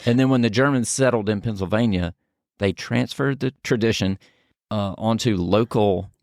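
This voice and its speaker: A man's voice: fairly low pitch, normal speed, a little mellow, dry recording, clean studio sound. A man co-hosting a podcast in casual chat, reading notes aloud and stumbling and laughing over the words. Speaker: podcast co-host.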